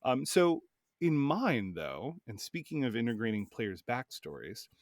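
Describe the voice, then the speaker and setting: A man who runs tabletop games, telling stories from his campaign in relaxed, rambling podcast chat. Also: mid-range voice, measured pace, no echo, clean studio sound. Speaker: game master.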